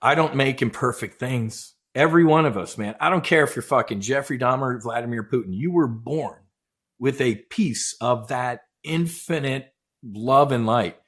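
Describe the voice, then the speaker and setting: An intense middle-aged man telling a personal story with passion and lots of acted-out dialogue. His voice sits at an ordinary middle pitch. He swears freely and speaks with a casual, unpolished edge. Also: moderate pace, slightly rough. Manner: intense, swearing, animated retelling with quoted dialogue. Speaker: guest, former naval aviator. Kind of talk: emotional storytelling in casual chat.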